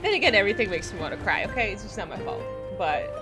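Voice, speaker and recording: Over background music, a woman in her forties talks quickly and animatedly at a medium pitch. She's streaming a game and chatting casually with her viewers, full of rambling, gushing and laughter.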